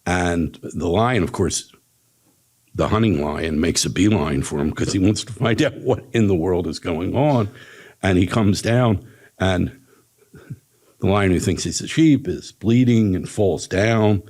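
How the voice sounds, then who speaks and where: Brief: low, husky male meditation teacher, casual and chuckling. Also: a little slow, darkish tone. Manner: casual, chuckling, rambling storyteller. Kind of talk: spiritual teaching talk with storytelling. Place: ashram talk.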